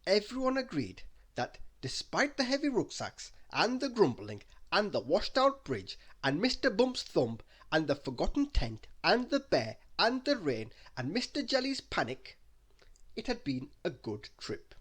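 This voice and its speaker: A man reading a children's bedtime story aloud in an expressive storytelling manner. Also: high voice, measured pace, breathy edge. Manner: expressive, sing-song storytelling.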